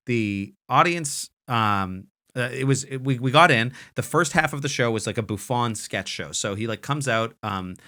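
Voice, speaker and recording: A man telling an anecdote on a comedy podcast in loose, rambling casual chat. His voice is bright and forward, his pitch sits in a middle range, and he keeps stopping to restart his sentences. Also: expressive, normal speed, few pauses. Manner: rambling, lots of fillers and restarts. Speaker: podcast host.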